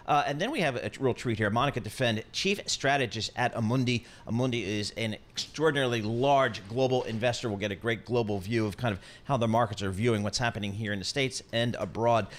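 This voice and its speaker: A male radio host running a live financial show, brisk and jokey, quick to pass the talk to his guests. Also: mid-range voice.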